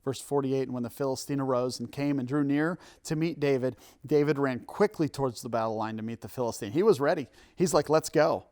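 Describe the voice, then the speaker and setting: A man's voice: mid-range voice, a little fast, few pauses, mellow. A man pastor giving a sermon, reading scripture emphatically and adding joking asides. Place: church, filmed for a livestream.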